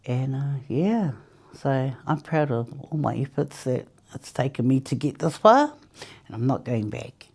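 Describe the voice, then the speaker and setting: Low-voiced chatty woman from New Zealand. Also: expressive, unhurried, darkish tone, husky. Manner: chatty, laughs often, acts out quotes in high voices. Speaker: interviewee, former smoker. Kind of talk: casual storytelling interview.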